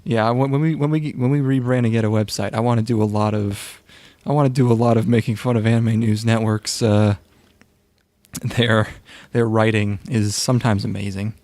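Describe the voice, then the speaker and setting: A man co-hosting a podcast, chatting in a laid-back, dry way with drawn-out fillers. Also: fairly low pitch, steady tone, a little mellow, no room sound. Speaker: podcast co-host. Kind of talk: casual chat reviewing shows.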